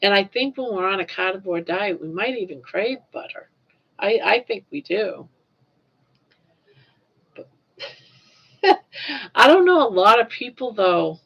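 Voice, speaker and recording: A woman's voice: medium pitch, sing-song, unhurried, vocal fry, long pauses, breathy edge. An older woman from Maine hosting a casual livestream chat, rambling along and repeating words as she goes. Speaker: livestream host. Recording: dull lo-fi livestream audio.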